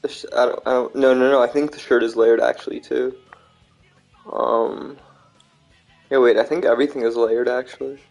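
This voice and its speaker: A man's voice: mid-range voice, level tone, creaky, darkish tone, soft background music, poor audio. Chatty man streaming a game. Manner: chatty, self-mocking, halting restarts. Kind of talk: casual gaming chat.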